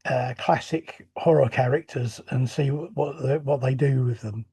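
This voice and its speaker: Husky-voiced man hosting an interview. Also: medium pitch, moderate pace, warm tone. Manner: hesitant, restarts questions, plenty of uh and I, I. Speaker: podcast host, interviewer. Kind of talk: casual interview.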